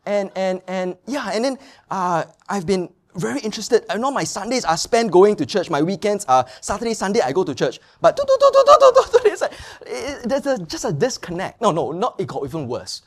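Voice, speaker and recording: A middle-aged male pastor preaching a sermon and telling anecdotes, mimicking people in high sing-song voices. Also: very animated, fairly quick, few pauses.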